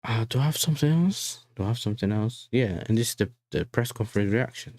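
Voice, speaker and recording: A man's voice: mid-range voice, animated, fast talker, darkish tone, no echo, clean studio sound. A young man hosting a casual football livestream, chatty and full of slang, often asking "you know what I'm saying". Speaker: football fan channel host. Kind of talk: casual livestream reaction chat.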